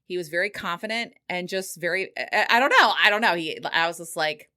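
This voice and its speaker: A woman's voice: lowish voice, fast, hardly any pauses, bright, forceful tone. A middle-aged woman hosting a podcast, telling a story casually and swearing freely, with frequent laughter. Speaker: podcast host.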